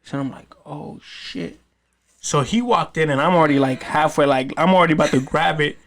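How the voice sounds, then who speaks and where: A podcast host with a fairly bright, higher-pitched voice talks quickly, telling stories in a loose, profane, rambling style full of restarts. It's casual storytelling chat.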